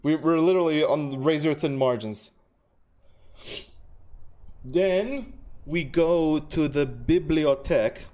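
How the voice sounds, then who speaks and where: A man's voice: on the high side, slow pace, long pauses, dark tone. A man casually talking through a game as a streamer, thinking aloud. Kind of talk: casual gameplay commentary.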